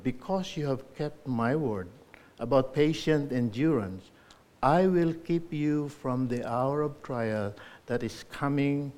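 A man preaching a sermon in church, earnestly urging listeners, rising to emphatic peaks and falling to soft endings. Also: mid-range voice. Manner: earnest exhortation with emphatic rises and soft drops.

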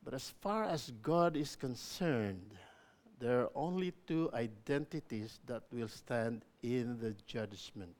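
A man's voice: mid-range voice, lively intonation, slow pace, darkish tone. Man preaching an expository sermon. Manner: explanatory preaching with emphatic repetition. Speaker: pastor.

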